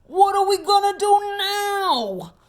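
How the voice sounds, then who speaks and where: Lady doing a big gloomy shearer guy, loud and whiny, storybook read-aloud, slow. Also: on the high side, big pitch swings, creaky, exaggerated voice. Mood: moaning.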